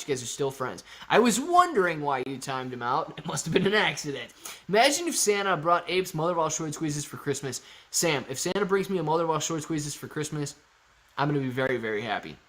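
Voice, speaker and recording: A man's voice: a little high, pushed and bright. A man hosting a casual livestream, reading viewer comments aloud and answering them in a playful, joking way. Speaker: livestream host.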